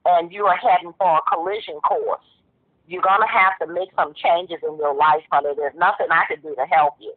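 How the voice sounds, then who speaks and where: A woman's voice: fairly low pitch, fairly even intonation, brisk, no echo. A woman with a Southern US accent, a mother on a phone call, lecturing her grown child bluntly and sternly. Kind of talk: phone conversation. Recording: tinny phone line.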